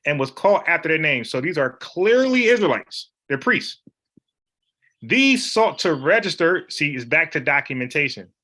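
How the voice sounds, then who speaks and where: A man's voice: fairly high pitch, sharp tone. A man leading an informal Bible study, talking in an emphatic, slangy, conversational way.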